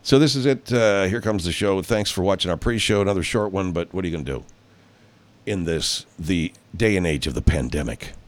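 A man's voice: low voice, lively intonation, brisk. A male show host in a studio, rambling through a casual, profane pre-show monologue full of fillers.

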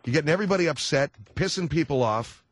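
Radio host guy, lively up and down voice, keeps reining in his guests. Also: fairly high pitch, fast talker, no echo. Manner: reins in and scolds guests. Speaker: radio talk show host. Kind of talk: call-in radio talk.

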